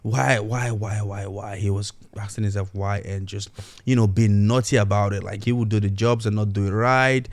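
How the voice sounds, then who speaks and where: A man's voice: fairly low pitch, steady tone, a little fast, clean tone, dry recording. A man casually retelling a story in a monologue, acting out the quoted voices and often adding "you know".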